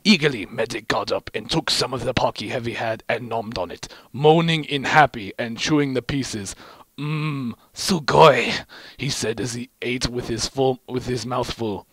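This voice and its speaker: A husky, fairly bright male voice at medium pitch moves at normal speed with hardly any pauses and no echo. The man hosts his own channel and casually reads fan fiction aloud with wry amusement, tripping over a word here and there.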